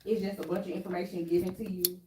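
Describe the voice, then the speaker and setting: A woman's voice: lowish voice, little pitch movement, fast. A woman on a workshop panel giving frank, conversational advice and laughing easily. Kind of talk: panel discussion, candid advice. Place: workshop room. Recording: roomy hall from far off with noise.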